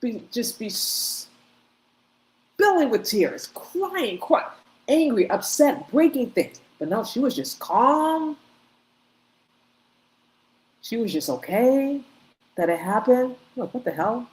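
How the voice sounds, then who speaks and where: Slightly high and a little mellow, this woman's voice swings widely in pitch while she speaks slowly with many pauses. She hosts opinionated commentary on video clips, emphatic and repetitive, in short bursts with restarts, over poor audio.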